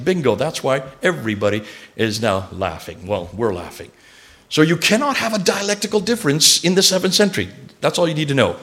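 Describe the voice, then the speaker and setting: Animated man lecturing an audience. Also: a little high, brisk. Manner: animated, asks the audience rhetorical questions.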